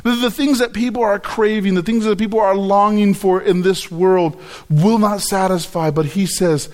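A man's voice: high-pitched, fairly even intonation, normal speed. A man preaching a sermon on the Gospel, emphatic, often repeating words and stressing key phrases.

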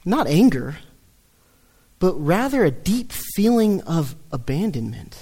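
High-voiced male preacher, earnest sermon. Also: big pitch swings, takes it slowly, breathy edge. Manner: earnest, dips low and soft when quoting the psalm.

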